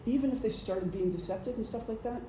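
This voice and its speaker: Middle-aged woman presenter, warm dark tone, joking and chatty, recorded in an echoey room. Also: fairly high pitch, fast, slight background noise. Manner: chatty, joking, acts out gestures. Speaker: presenter, retired police officer and veteran. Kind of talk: casual lecture.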